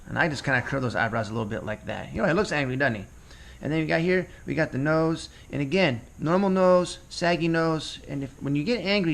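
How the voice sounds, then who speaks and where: A drawing teacher with a creaky, medium-pitched voice shows children how to draw cartoon faces. He keeps it relaxed and casual, ad-libbing as he sketches.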